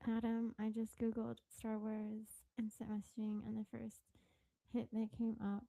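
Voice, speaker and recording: Young woman, Southern American accent, casual live stream chat, giggly, whispered asides, higher voice, dry close sound. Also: monotone, normal speed, gravelly, warm tone, dry recording. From Southern United States.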